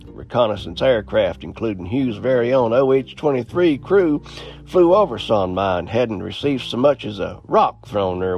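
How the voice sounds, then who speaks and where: A man's voice: medium pitch, a little mellow. Earnest man narrating a history. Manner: earnest read-aloud with small slips and throat clearing. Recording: slightly dull lo-fi audio with faint music.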